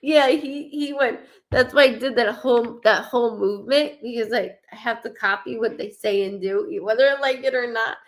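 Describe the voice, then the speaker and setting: Gravelly-voiced woman giving a psychic reading. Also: on the high side. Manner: rambling, quick, self-correcting delivery. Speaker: psychic medium. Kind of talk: live-streamed reading to viewers.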